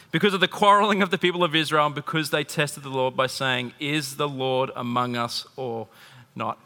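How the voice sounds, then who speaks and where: Bright-voiced pastor preaching in a hall. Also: male voice, fairly high pitch. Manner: animated preaching, swinging from loud emphasis to hushed intimacy. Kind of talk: sermon. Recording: long hall reverb.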